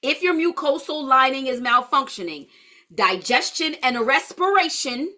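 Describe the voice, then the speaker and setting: A woman's voice: on the high side, a bit bright. A woman leading a live-streamed holistic health class, chatty and blunt, answering viewer comments as she goes.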